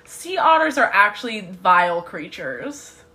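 A woman on whale-watching boat crew chatting casually, excitable and gushing, with lots of "like". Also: mid-range voice, measured pace. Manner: excitable, gushing, heavy use of "like". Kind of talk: casual chat.

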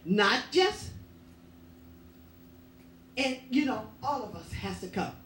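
Woman preacher, emphatic and repetitive, higher voice, recorded far off in a roomy church. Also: lively intonation, slow pace, fairly bright tone, slight background noise. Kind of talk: sermon. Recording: echoey room, voice from far off.

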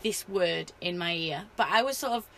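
A woman with a slightly low voice, chatting in an interview. She tells her stories animatedly, with plenty of fillers. A faint hiss sits under the recording. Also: normal speed. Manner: animated storyteller, many fillers. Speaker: wrestler. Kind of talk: casual interview chat.

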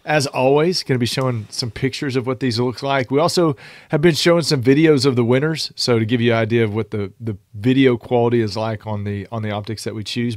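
A man's voice: mid-range voice, dry recording, studio quality. A man co-hosting a podcast, reading a product list methodically in a casual chat. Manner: reads product lists at a steady, methodical pace. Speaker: podcast co-host.

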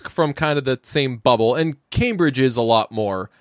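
A man's voice: medium pitch, expressive, moderate pace, no room sound, clean studio sound. Rambling young man from the Boston area. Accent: faint Boston. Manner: rambling, swears, quotes people in voices. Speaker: podcast co-host. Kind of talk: casual chat.

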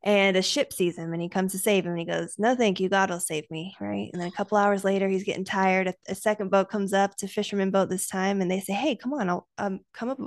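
A woman hosting a podcast, enthusiastic and affirming, retelling a joke with animated delivery. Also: mid-range voice, fast, hardly any pauses, dry recording, studio quality. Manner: enthusiastic, affirming listener, tells jokes animatedly. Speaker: podcast host. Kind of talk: casual conversational chat.

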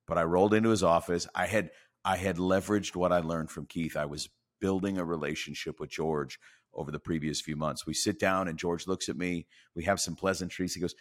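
Deep-voiced man telling a sales story. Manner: animated storyteller, acts out dialogue. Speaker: podcast guest. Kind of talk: storytelling in a podcast interview.

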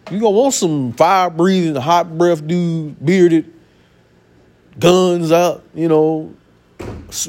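A male pastor delivering a sermon with a lively, swooping delivery that leaps up high on his key lines. He sits a little above the usual male pitch, punches his points with repeated phrases and pointed rhetorical questions, and keeps his speech casual and folksy. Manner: colloquial, folksy preaching.

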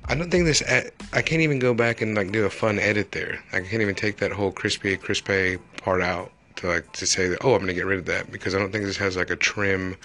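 Young guy rambling on his podcast, kinda low but bright voice, jokey. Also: a little fast, few pauses, soft background music. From Texas. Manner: rambling, joking, animated asides. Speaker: podcast host. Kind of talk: casual solo podcast monologue.

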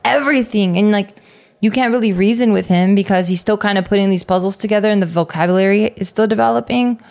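A woman's voice: mid-range voice, quick pace, darkish tone. Woman podcast co-host, loose everyday talk, curses freely, filler-heavy. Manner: casual, swears freely, many fillers. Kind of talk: casual podcast chat.

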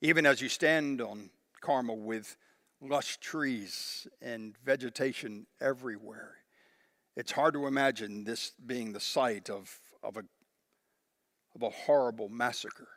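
A male pastor preaching a sermon, emphatic and animated as he reads scripture aloud with dramatic emphasis. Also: mid-range voice, unhurried, no room sound, studio quality.

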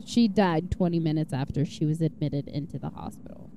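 A woman's voice: low voice, a little fast, warm tone, slight background noise. A woman hosting a true-crime podcast, telling the story in a casual, blunt way with frequent swearing and sarcastic asides. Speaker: podcast host.

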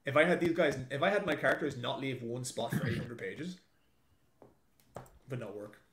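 A man's voice: medium pitch, animated, moderate pace, a bit bright. Male author guest, chatty and emphatic, mid-range voice, echoey room recording. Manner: chatty, emphatic, laughs often. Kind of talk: casual interview chat.

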